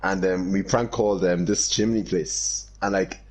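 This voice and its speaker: A man's voice: low-pitched, normal speed, a crowd in the background. A man, telling a childhood story to friends in a casual chat and laughing as he goes. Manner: excitable, laughs through his story.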